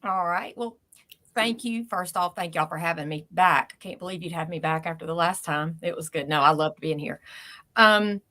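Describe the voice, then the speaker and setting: A Southern American woman in her forties talks as a guest on an interview show. Her voice is bright and a little sharp, and she speaks openly and at length. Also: fairly low pitch, normal speed. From Southwest Georgia, US. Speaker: guest, nurse.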